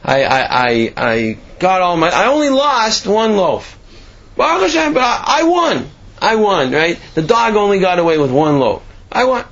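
A man's voice: high-pitched, wildly swooping pitch, measured pace, few pauses, a bit bright, lo-fi sound, pitched above the performer's own voice, exaggerated voice. A man voicing a flustered baker who gloats that he only lost one loaf. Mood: gloating relief. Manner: exclaiming, self-congratulating.

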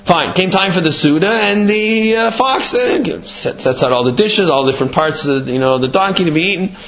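A man giving a Torah class, explaining and telling a parable in an animated, conversational way. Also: sits high, a little fast, muffled recording. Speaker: Torah teacher.

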